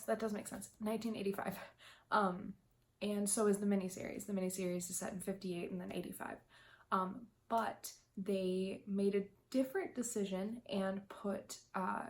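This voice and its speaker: A woman's voice: mid-range voice, vocal fry. A young woman vlogging her fan predictions in casual chat, talking in a loose, emotional way with lots of ums and restarts. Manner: chatty, emotional, many ums, tearful laughs.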